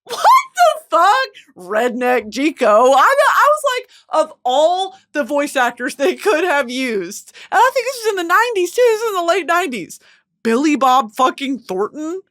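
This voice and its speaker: A woman hosting a podcast in casual chat, excitable and swearing freely, on a close studio mic. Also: sits high, normal speed, no echo. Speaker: podcast host.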